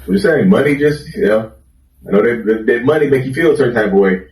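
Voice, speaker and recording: A man talks casually on a livestream, handing out blunt relationship advice to his viewers. His delivery is animated and repetitive, and he keeps checking in with the listener. He sounds a little distant from the mic in a roomy space that echoes. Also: medium pitch, fast talker.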